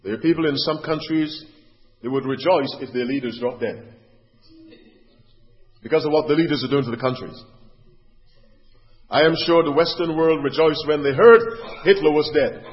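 Man, preacher, sermon, quiet asides then loud rising appeals, high-ish voice, echoing hall. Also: moderate pace, long pauses. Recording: dull audio with long hall reverb.

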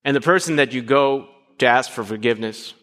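With long reverb from the hall around him, a male pastor delivers an animated sermon, putting questions to his listeners and performing brief dialogues. His pitch is medium and he talks a little quickly.

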